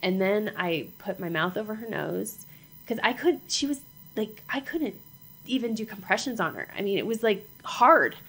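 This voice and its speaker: A middle-aged woman telling a personal story in a halting way, repeating herself and acting out what people said. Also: mid-range voice, expressive, slightly rough, rough recording. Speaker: mother sharing her story.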